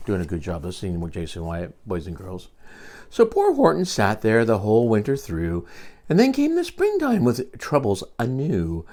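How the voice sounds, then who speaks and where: An older man reading a picture book aloud to his grandchildren, expressive, with quiet asides to the children. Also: on the low side, normal speed. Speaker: storyteller.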